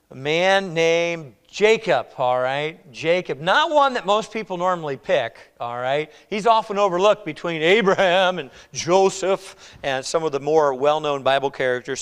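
Conversational pastor with a higher voice. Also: male voice, smooth. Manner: conversational, asks "all right?" often, swings from loud to quiet. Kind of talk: sermon. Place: church.

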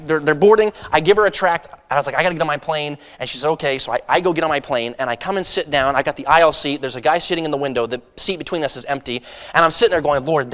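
A man preaching as an evangelist, telling a story with animated swings between loud excitement and soft earnest delivery. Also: on the high side. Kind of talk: sermon storytelling. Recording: long hall reverb.

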